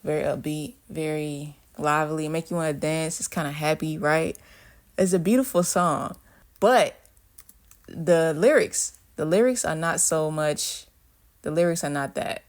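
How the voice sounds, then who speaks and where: A man's voice: on the high side, a little slow. A man casually explaining his own album track by track, rambling and reflective, with many fillers and restarts. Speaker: artist discussing his album. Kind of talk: casual spoken commentary.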